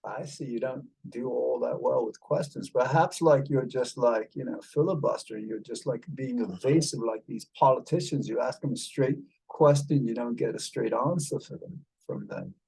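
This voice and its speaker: Gravelly man with a put-on British accent. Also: medium pitch, sing-song, normal speed, few pauses, darkish tone, poor audio. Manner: rambling, many fillers, calls the listener mate. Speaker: show host talking with an AI companion. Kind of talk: casual chat. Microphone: video call.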